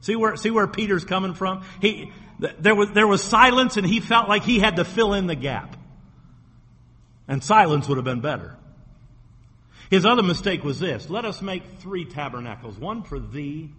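This man's sermon rings out with long hall reverb, his high voice bright, forceful, and breathy. He hammers home his message, repeating phrases and firing rhetorical questions at the congregation.

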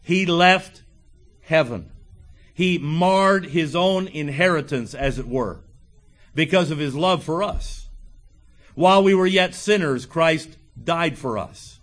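A man preaching a sermon, reading scripture and acting out the characters' lines with emphatic pauses. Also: a little high, a bit bright. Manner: earnest preaching with emphatic pauses, acts out quotes; reads scripture in old-fashioned wording.

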